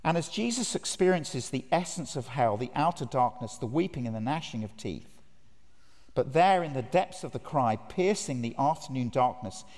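A man's mid-range, slightly mellow voice carries through a reverberant conference hall as he preaches a sermon, earnest and emphatic, directing questions straight at his audience.

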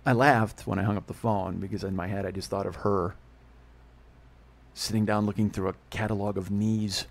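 A man hosting a podcast, telling a comedic story in a fast, profane way and laughing at his own jokes. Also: fairly low pitch, fairly even intonation, gravelly. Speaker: podcast host. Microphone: studio podcast mic.

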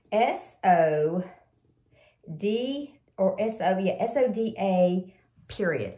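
With a fairly low pitch and a roomy sound, an older woman vlogger casually talks to camera about her favorite products. She's somewhat sniffly from a cold, tends to ramble, and calls viewers "y'all."

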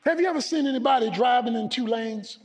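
A man preaching a sermon as pastor, emphatic, swinging between loud declarations and low asides. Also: quick pace, long reverb tail, background noise.

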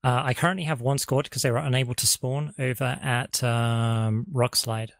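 A man's voice: mid-range voice, fairly even intonation, moderate pace, creaky, fairly bright tone, dry recording, clean studio sound. A man leading a squad in an online game, giving hesitant status reports over voice chat with many fillers. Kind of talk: game voice comms.

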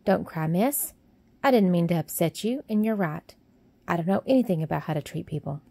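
A woman's voice: on the low side, lively intonation, a little fast, vocal fry, mellow, no room sound. A woman voicing a cheerful, plump young Yorkshire housemaid who talks in a friendly, plain-spoken way. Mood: gentle.

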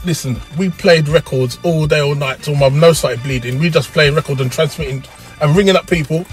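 A middle-aged man with a South London accent telling a long story in an interview, lively and quick to laugh and act out the voices. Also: on the high side, faint music behind. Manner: animated, breaks into laughter and acts out voices. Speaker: interview guest, radio pioneer. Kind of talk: casual storytelling.

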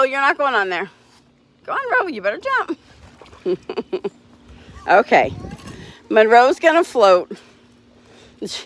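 A woman's voice: mid-range voice, a bit bright. A woman hosting a casual livestream, talking cheerfully to her dogs and laughing often. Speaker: dog owner hosting a livestream.

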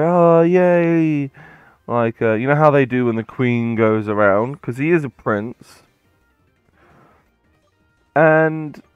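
A man's voice: mid-range voice, clear, resonant tone, dry recording, highs cut off. A man hosting a game playthrough, retelling a story in a rambling, hesitant way with many fillers. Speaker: let's play host.

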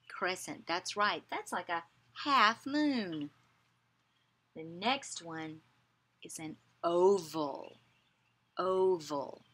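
A woman teaching young children, slowly saying words for them to repeat and praising them with encouragement. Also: fairly low pitch, bright, forceful tone. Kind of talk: children's lesson, call and response.

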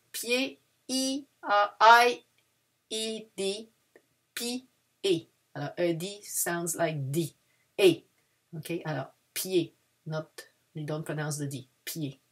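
Woman, husky and a little low, patient children's language teacher. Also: lively intonation, takes it slowly, darkish tone. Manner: patient, switches between English and French. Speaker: French teacher. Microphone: video lesson.

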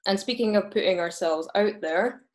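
A woman's voice: medium pitch, normal speed. A woman with a Scottish accent hosting an online talk session over a video call, earnest, with small restarts when she speaks freely. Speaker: host.

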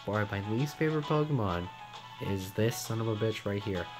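A man's voice: fairly low pitch, animated, moderate pace, over music. A young man commenting on a video game late at night at home, swearing often, stammering and reading dialogue aloud. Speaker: let's play commentator.

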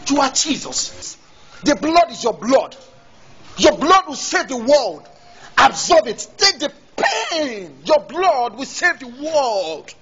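A man plays a bossy film director in a comedy sketch, barking orders with a high, lively, swooping voice. The lo-fi recording has loud music underneath. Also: slow, pauses often, breathy edge, full character voice. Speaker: comic actor.

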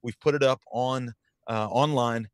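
A man who works as a business coach, a guest on a podcast, talking in an energetic, emphatic way. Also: a little slow, no room sound. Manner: energetic, emphatic, enthusiastic pitch. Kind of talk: podcast interview.

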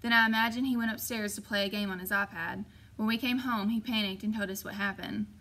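A woman's voice: mid-range voice, fairly even intonation, quick pace, sharp tone, lightly acted. A woman voicing a frightened mother in an audiobook, her words shaky and faltering. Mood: anxious. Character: frightened mother of a missing child.

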